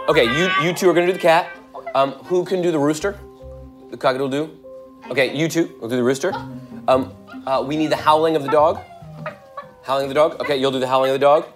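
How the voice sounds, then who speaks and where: A man hosting a live children's storytime, playful and coaxing as he hands out animal sounds. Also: medium pitch. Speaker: host leading audience participation.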